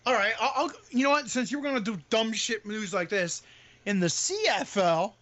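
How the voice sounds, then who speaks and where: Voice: medium pitch, expressive, moderate pace, fairly bright tone. Exasperated, swearing podcast co-host. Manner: exasperated, profane ranting. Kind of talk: casual chat. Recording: dull lo-fi audio.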